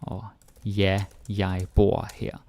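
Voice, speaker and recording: A man from Denmark with a Danish accent, teaching Danish grammar in a casual lesson and repeating example phrases slowly. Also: deep voice, monotone, dark tone. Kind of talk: casual online language lesson.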